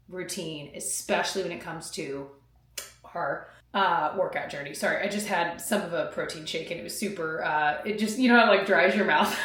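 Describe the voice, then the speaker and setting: A woman in her thirties chatting casually to camera as a vlogger, rambling with fillers and quick laughs. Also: sits low, breathy edge. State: out of breath.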